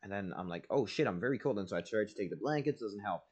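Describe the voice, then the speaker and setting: Young man, streamer, casual storytelling, lowish voice, swings loud and quiet, filler-heavy. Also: fast, breathy edge. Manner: animated, swings between loud bursts and mumbling asides; casual, peppered with "like" and "blah, blah".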